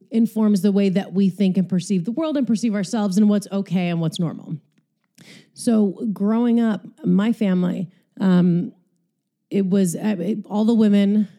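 A woman's voice: mid-range voice, dark tone. A woman hosting a candid, profane, rambling monologue while she exercises, out of breath.

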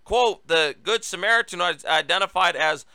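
Man, talk show host, political monologue, smooth clear voice, dry recording. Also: high voice, normal speed, pushed and bright, dry recording. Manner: reads headlines aloud with running asides.

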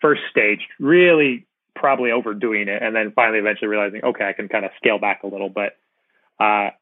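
A man hosting a conversational interview, speaking casually and agreeably, animated when he tells a story. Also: fairly low pitch, fast, dry recording. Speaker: podcast host. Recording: phone-like remote call audio.

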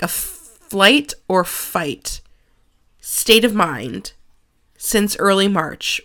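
A woman's voice: fairly low pitch, fairly bright tone. A woman in her twenties hosting a solo podcast, talking frankly and confessionally, swearing casually and leaning on filler words. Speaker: podcast host. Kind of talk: candid solo podcast monologue.

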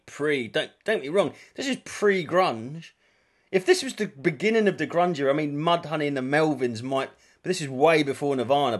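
A man in his forties from England, a comedian talking casually and telling rambling stories with plenty of swearing and self-corrections. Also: medium pitch. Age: 40s. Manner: chatty storyteller, swears freely, quick asides and self-corrections. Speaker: comedian and podcast host.

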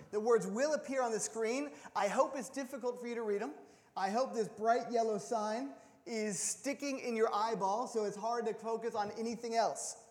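A man preaching a sermon as pastor of a church, playful and animated, often repeating words as he restarts a thought. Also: sits high. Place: church sanctuary. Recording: long hall reverb.

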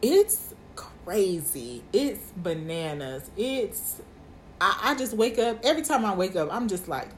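In a slow, casual podcast monologue, a twenty-something host talks frankly to her listeners, using "y'all" as she chats. Her mid-range voice swings widely in pitch, and there's a little hiss or hum in the audio.

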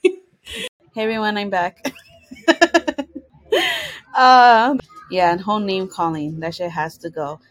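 A young woman co-hosts a podcast from her bedroom at home, speaking slowly with frequent pauses in a medium-pitched, lively voice. She's candid and profane and laughs often, though the audio quality is poor.

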